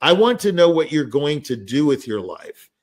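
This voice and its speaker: With a slightly high, sing-song voice and a moderate pace, an older podcast host drifts through anecdotes in casual talk. He restarts often and uses many fillers like "you know."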